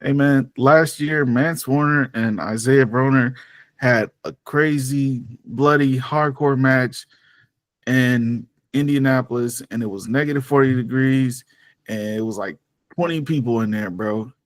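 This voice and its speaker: A man's voice: medium pitch, measured pace, dry recording. A man hosting a podcast in casual chat, laid-back, laughing often and ending lines with "bro". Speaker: podcast host.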